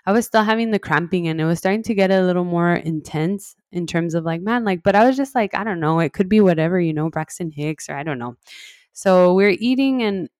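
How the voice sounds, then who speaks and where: A woman's voice: fairly low pitch, a little fast, darkish tone, dry recording, studio quality. A young woman from West Texas casually telling her own story, chatty and full of "like", acting out what others said. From West Texas, USA. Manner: chatty, heavy use of "like", acts out quoted dialogue.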